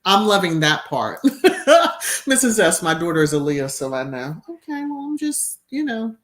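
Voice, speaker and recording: A woman's voice: on the low side, big pitch swings, moderate pace. A middle-aged woman hosting a casual live stream, reading viewer comments aloud, laughing often and breaking into little sung phrases.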